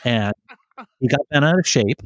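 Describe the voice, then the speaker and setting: A man's voice: mid-range voice, expressive, moderate pace, no room sound, studio quality. A man telling a rambling, profane story in casual chat. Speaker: podcast co-host telling a story.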